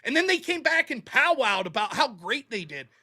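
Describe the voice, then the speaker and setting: A man's voice: very high voice, very animated, moderate pace, sharp tone. A man, a guest on a stream, chatting casually and animatedly, acting out what others said in raised voices. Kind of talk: casual chat.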